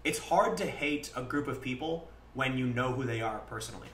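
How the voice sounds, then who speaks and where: A man's voice: medium pitch, expressive, brisk, fairly bright tone. A man hosting a livestream, talking earnestly in casual commentary and acting out back-and-forth exchanges. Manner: earnest, conversational, acts out quoted exchanges. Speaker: livestream host. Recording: roomy echo with faint background noise.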